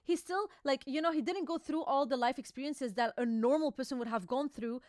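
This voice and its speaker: Her voice sits high and a little mellow, and she talks fairly quickly in this casual live reaction to a manga chapter. She reads the panel dialogue out loud before explaining it, with plenty of filler words and casual cursing, all captured in a dry, clean studio recording.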